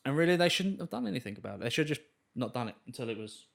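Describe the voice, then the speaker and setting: A man's voice: medium pitch, big pitch swings, very fast, gravelly, a bit bright. A man co-hosting a movie review podcast, rambling and stumbling over his words in casual chat. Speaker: podcast co-host.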